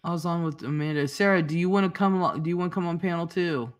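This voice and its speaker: A man's voice: fairly high pitch, quick pace. A man hosting a casual livestream, greeting chatters by name and reading their comments out in a laid-back, rambling way. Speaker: livestream host. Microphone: headphones and computer mic.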